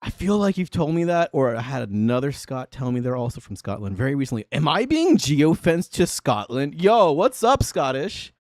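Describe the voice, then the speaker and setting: A man's voice: mid-range voice, sing-song, normal speed, hardly any pauses, a little mellow, no echo, studio quality. An American man hosting a livestream of song requests, chatting loosely with viewers, joking, swearing and laughing often. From United States. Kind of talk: casual chat to a live chat audience.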